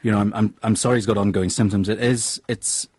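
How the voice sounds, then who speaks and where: A man's voice: lowish voice, steady tone, a little fast, darkish tone, husky, no echo. A man speaking as a doctor on a radio phone-in, careful and hedging, often stumbling over repeated words. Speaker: doctor, medical guest. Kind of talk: cautious expert answers on air.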